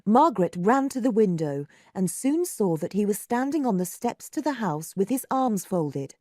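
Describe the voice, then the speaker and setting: A woman narrating a story aloud, slow and lively, acting out the dialogue. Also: medium pitch, no echo, studio quality.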